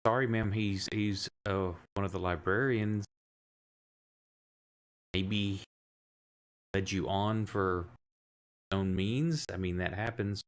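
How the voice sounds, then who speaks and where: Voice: deep voice, steady tone, slow pace, long pauses, slight background noise. A man doing an awkward, apologetic librarian. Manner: hesitant, apologetic.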